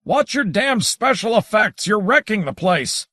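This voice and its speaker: A man's voice: high-pitched, big pitch swings, unhurried, sharp tone, dry recording, studio quality, voice pushed up, exaggerated voice. A man voicing a blunt, irritable grown man who complains and bawls angrily. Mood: angry. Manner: angry, bawling.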